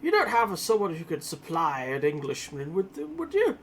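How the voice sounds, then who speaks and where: A player putting on a loud, overly posh upper-class Englishman in a tabletop game. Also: mid-range voice, wildly swooping pitch, moderate pace, slight background noise. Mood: pompous. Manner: loud, pompous.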